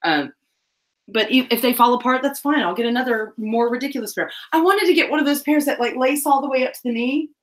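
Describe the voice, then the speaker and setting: A woman's voice: high voice, fast talker, poor audio. A middle-aged woman with a Southern US accent, co-hosting a casual live chat show, talking animatedly and laughing often.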